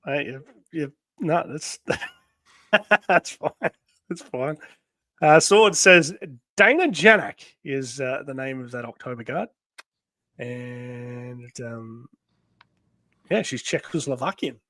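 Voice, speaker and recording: A man hosting a live comic read-through, rambling with many pauses and laughs. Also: medium pitch, animated, pushed and bright, no room sound. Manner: rambling, full of ums and laughs. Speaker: host. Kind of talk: casual live-stream chat.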